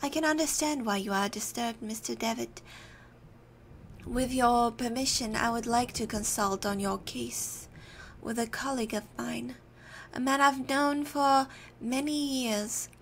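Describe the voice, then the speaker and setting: A woman voicing a calm, formal male therapist, reading his game dialogue aloud in a put-on accent. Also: mid-range voice, measured pace, slight background noise, lightly acted. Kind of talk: let's play dialogue reading.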